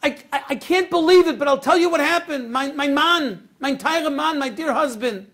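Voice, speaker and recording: A man's voice: very high voice, normal speed, fairly bright tone, pitched above the performer's own voice. A man voicing a distraught elderly grandmother who pleads for forgiveness in a self-reproaching way. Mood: distraught pleading.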